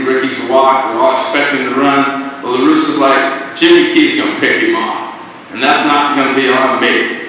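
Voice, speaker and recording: Animated man telling stories in an echoey hall. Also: medium pitch, distant mic, a little hiss or hum. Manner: animated, acts out the other people in his stories. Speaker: banquet speaker. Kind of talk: comic storytelling. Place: banquet hall.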